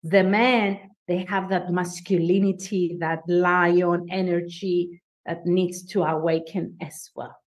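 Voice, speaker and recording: A woman speaking with a foreign accent as a guest coach in a podcast interview, animated and emphatic, laughing often. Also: lowish voice, takes it slowly, few pauses.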